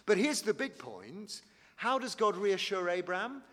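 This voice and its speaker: A man preaching a sermon in a church, animated and conversational, calling his listeners friends. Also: high-pitched, a little slow, in a large hall.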